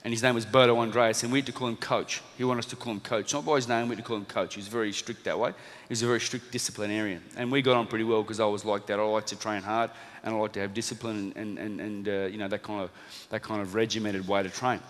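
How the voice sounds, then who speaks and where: Fast-talking Australian man in a hall. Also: on the low side. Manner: animated storyteller, acts out quotes. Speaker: speaker at a seminar. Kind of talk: storytelling talk to a live audience. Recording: long reverb of a hall.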